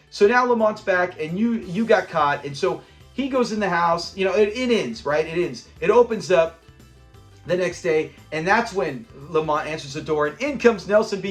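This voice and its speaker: A middle-aged man hosting a casual breakdown of a classic sitcom episode, retelling scenes and acting out the characters' lines. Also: sits high. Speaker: host of a classic TV channel.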